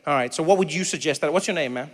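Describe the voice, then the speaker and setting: A man's voice: fairly high pitch, very fast, in a large hall, noisy background. A South African-born man doing stand-up comedy, telling stories and chatting with the audience, often mimicking other people's voices. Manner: animated storytelling, mimics voices, chats with audience. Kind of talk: stand-up comedy with crowd work. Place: large venue with live audience.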